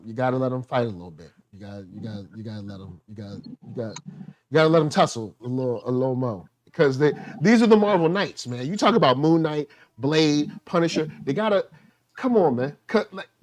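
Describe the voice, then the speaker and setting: A man's voice: mid-range voice, animated, a little fast, darkish tone, a little hiss or hum. A man hosting a casual podcast chat, riffing and repeating phrases as he builds a point.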